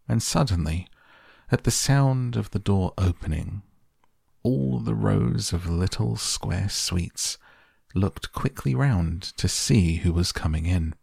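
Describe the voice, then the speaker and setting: A man narrating a children's audiobook in a measured, expressive reading voice. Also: sits low, creaky, slightly rough, dry recording, studio quality.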